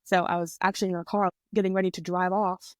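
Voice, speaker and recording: A woman in her twenties, a podcast guest, telling a personal story in a chatty, animated way on a close mic. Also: on the low side, quick pace, no echo. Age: 20s. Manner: chatty, animated retelling with quoted voices. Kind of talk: casual storytelling.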